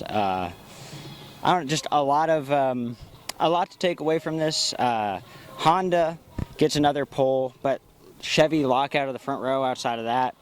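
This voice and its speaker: A man's voice: medium pitch, slight background noise. A man co-hosting a casual motorsport recap, hesitant with frequent ums and restarts. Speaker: racing show co-host.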